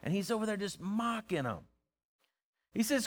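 A man preaching a sermon, folksy and teasing, swinging from loud to hushed. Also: high-pitched, sing-song, moderate pace, pauses often. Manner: plain-spoken, folksy, teasing.

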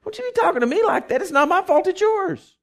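A man voicing a stern scolding God, raised pitch. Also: animated, fast, vocal fry, full character voice. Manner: scolding, emphatic. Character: stern male God scolding, firm and impatient.

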